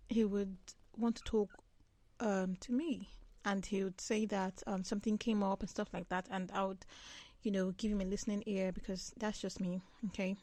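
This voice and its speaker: A woman's voice: mid-range voice, dark tone, dry recording. A woman guest in a casual chat, telling a story in a chatty, laughing way with many fillers.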